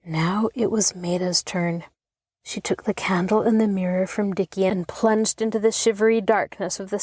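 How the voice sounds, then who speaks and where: Woman reading a children's story aloud, expressive, dry close-miked voice, storybook narration. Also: mid-range voice, no room sound. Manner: expressive, even storytelling pace. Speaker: host and audiobook narrator.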